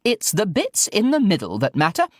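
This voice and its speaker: A man voicing a loud, posh, flamboyant older woman who officiates a wedding with theatrical, irreverent glee. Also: wildly swooping pitch, moderate pace, no echo, studio quality, heavily acted. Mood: grandly jolly. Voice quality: plummy upper-class delivery. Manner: booming, theatrical, gleefully outrageous. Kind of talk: audiobook character voice.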